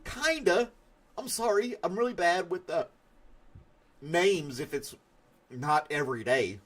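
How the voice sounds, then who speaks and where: A man hosting a casual live stream, chatting loosely and reading viewer comments as he rambles. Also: a little high. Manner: rambling, chatty, laughs at his own stories.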